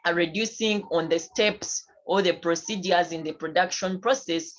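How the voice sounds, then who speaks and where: A woman's voice: on the low side, moderate pace. A woman giving a university lecture, repeating her points with many fillers and tag questions. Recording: dull lo-fi recording.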